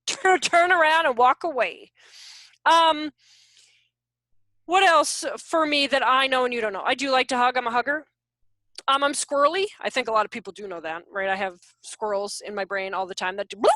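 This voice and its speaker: A woman in her forties, a behavior consultant, giving an animated, jokey online workshop talk over a video call. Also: sits high, moderate pace, dry recording, clean studio sound. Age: 40s. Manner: animated, self-deprecating, jokey.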